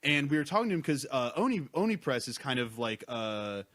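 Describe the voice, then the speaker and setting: A man's voice: mid-range voice, sing-song, a little fast, fairly bright tone, no echo. A young man chatting as a podcast guest, rambling with many fillers and restarts. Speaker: podcast guest, comics creator. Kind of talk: casual podcast chat.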